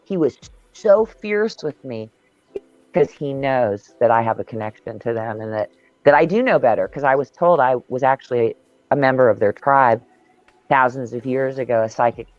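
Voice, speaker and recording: A woman's voice: extremely low pitch, moderate pace, darkish tone, dry recording. A woman hosting a casual spiritual chat over a video call, telling stories intensely and emphatically and swearing freely. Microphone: video call mic. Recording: dull lo-fi dry audio.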